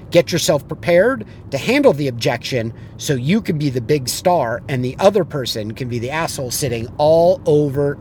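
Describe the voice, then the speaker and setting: Over slight background noise, a man with a fairly high voice tells a story bluntly and profanely, animatedly acting out the people he quotes. He then shifts into giving sales advice as a business coach.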